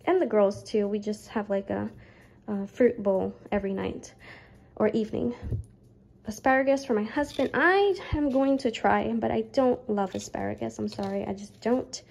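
A woman's voice: mid-range voice, normal speed, creaky, darkish tone, low-quality recording. A young woman chatting casually through her grocery haul at home, a little out of breath, with many fillers. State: pregnant, slightly out of breath. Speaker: vlogger.

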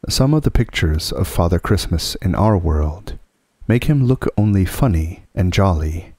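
Calm male storyteller, deep and unhurried, on a dry close recording. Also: breathy edge, dry recording. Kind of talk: bedtime story reading.

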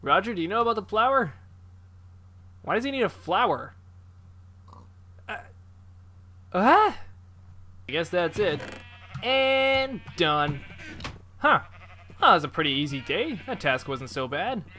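A man giving casual, excitable commentary while playing a video game, chatty and quick to exclaim. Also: sits high. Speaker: gamer.

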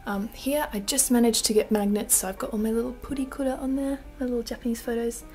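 Her voice is a little high with a darkish tone, and she talks fast with fairly even intonation. A young Australian vlogger whose accent drifts British, she chats and giggles through fillers while showing off her small apartment. Faint music sits behind the echo of a small room.

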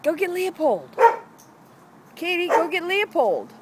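Outdoors by a backyard fence, a woman calls her dogs in a very high, very animated sing-song while filming them handheld. She speaks slowly in casual home-video narration, and the recording is very noisy.

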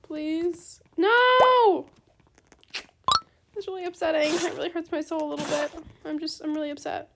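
A woman hosting a casual gaming video, chatty and excitable, politely turning down trade offers as she plays. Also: high voice, a little fast, vocal fry, very noisy. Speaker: gaming channel host. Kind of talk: casual gameplay commentary.

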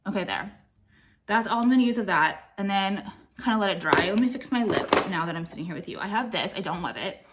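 There's slight background noise as a beauty vlogger in her late thirties chats her way through a makeup tutorial. She talks fairly quickly with lively intonation at medium pitch, blunt, profane and wandering, a little out of breath.

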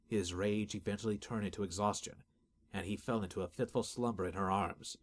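A man giving steady, measured scripted narration of a fantasy audiobook. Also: lowish voice.

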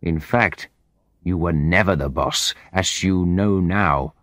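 Deep-voiced man as a smug threatening rich guy in an audiobook, very low and dry. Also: slow pace, fairly bright tone, no room sound. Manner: threatening, arrogant. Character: greedy, menacing fat businessman.

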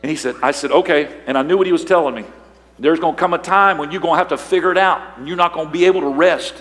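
An older male pastor preaching a sermon, telling a story and building to shouted emphasis. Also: a little high, quick pace. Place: large church sanctuary. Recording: long hall reverb.

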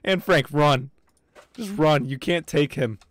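Excitable young man streaming a game. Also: on the high side, no room sound. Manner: excitable, swearing, quick outbursts of frustration. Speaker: livestreamer. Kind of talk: casual gaming livestream commentary.

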